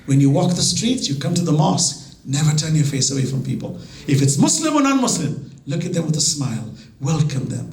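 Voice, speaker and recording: A man giving an impassioned sermon as a religious lecturer, reciting Arabic verses between English and dropping to soft, drawn-out emphasis. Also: a little high, very animated. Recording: echoey hall.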